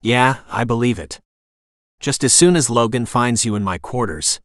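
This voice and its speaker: A man reading the lines of a gruff immortal warrior in an audiobook, growling and dry. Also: mid-range voice, normal speed, a bit bright, no room sound, close to an everyday voice. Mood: irritated.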